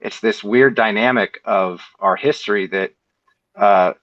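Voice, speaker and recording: A man's voice: lowish voice, measured pace, fairly bright tone, lo-fi sound. A man in a casual discussion who asks long, rambling, searching questions. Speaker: discussion participant.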